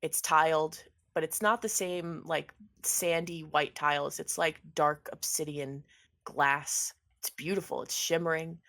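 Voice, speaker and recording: A woman's voice: deep voice, steady tone, a little slow, creaky, fairly bright tone. A woman running a tabletop role-playing game as game master, narrating with fillers and repeated words.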